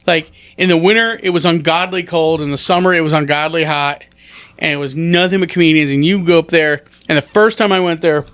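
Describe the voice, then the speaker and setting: A man's voice: fairly high pitch, a bit bright, clear, resonant tone, dry recording. A man who is a stand-up comedian talking casually on a podcast in a rambling, self-deprecating way, with many restarts.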